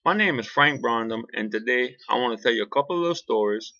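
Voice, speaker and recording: A Cajun man from Louisiana tells jokes in a loose, folksy ramble, with plenty of "boy" and restarts. His voice is gravelly and sits at a middle pitch. The sound is dry and a little dull. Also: expressive, fast talker, sharp tone, no room sound. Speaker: joke teller. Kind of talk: casual joke storytelling.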